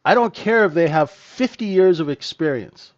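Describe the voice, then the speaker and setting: A man's voice: on the high side, animated, normal speed. A man teaching live in a trading room, blunt and emphatic, tagging sentences with "right?". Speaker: trading mentor. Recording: dull lo-fi stream audio.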